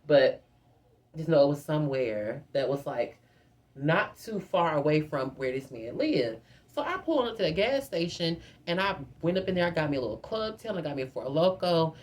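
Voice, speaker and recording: A young woman in her twenties tells a story in a lively, gossipy storytime style, talking straight to her viewers. Her voice sits a little low. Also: moderate pace. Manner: chatty and animated, constantly addresses the viewer as "girl". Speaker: vlogger. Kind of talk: casual storytime.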